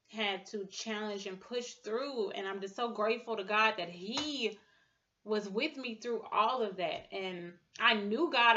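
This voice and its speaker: A woman in her thirties giving an emotional personal testimony, halting and full of fillers and restarts. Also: mid-range voice, bright, forceful tone, muffled recording. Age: 30s. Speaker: speaker sharing a personal testimony.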